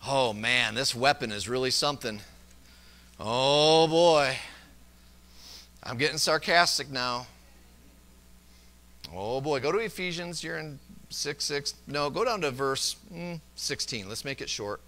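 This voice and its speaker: A male pastor delivers a church sermon with a bright, forceful tone. He quotes verses one after another and swings between emphatic preaching and quiet, intimate asides. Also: medium pitch, normal speed. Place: church service.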